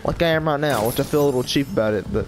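A man's voice: medium pitch, racing, over music. A man giving rambling, frustrated gameplay commentary in a whiny tone. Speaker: gaming YouTuber.

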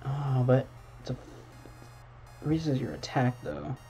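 At home at night, a young gaming channel host does casual let's-play commentary on his own gameplay, talking back at the game and bursting into exclamations. His medium-pitched voice is gravelly and warm, slow and fairly even in intonation, with cut-off highs and faint music behind.

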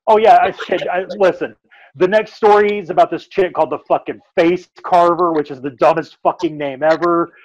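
A man ranting and cursing his way through a casual podcast chat. His voice sits a little high. The sound is dry and a bit muffled. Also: moderate pace, no echo. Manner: emphatic, ranting, heavy swearing. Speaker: podcast co-host.

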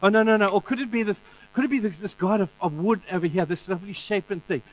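A male preacher voicing a mocking, bewildered ancient king who scoffs in a raised pitch. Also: fast talker, a little hiss or hum, lightly acted. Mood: scoffing. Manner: incredulous, scoffing.

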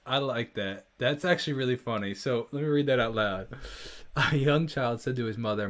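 A man chats on a livestream from a room at home, reading viewer jokes aloud one after another. He keeps breaking into laughter as he talks, and his voice sits at an ordinary, everyday pitch. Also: normal speed. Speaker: livestream host. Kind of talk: casual livestream chat.

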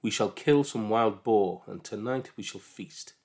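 A man voicing a bold, determined Viking chief in a storybook reading, firm and steady. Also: lowish voice, unhurried.

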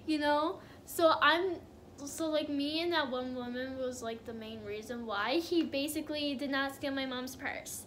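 A woman's voice: high voice, a little slow, a bit bright, slight background noise. A young woman telling a casual storytime on her vlog, chatty and giggly with lots of fillers. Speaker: vlogger.

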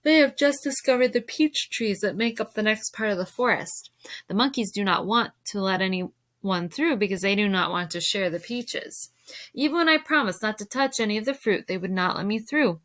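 A woman reading a sad gentle dragon. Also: medium pitch, lightly acted. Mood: sorrowful. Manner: slow, formal, mournful. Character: sad gentle male dragon who cannot fly.

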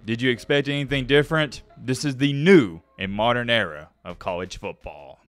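A man hosting a casual sports commentary vlog, talking fast and animated, with sudden loud bursts. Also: mid-range voice, no echo, soft background music.

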